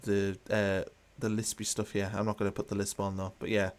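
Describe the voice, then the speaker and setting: A man's voice: lowish voice, monotone, brisk. A man hosting a football watchalong, chatting casually with many fillers and restarts while he reads out live comments.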